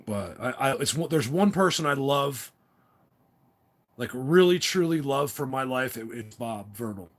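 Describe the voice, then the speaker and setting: A man's voice: mid-range voice, lively intonation, unhurried. A middle-aged man hosting a casual livestream chat, rambling and laughing often as he reads viewer comments. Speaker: livestream host.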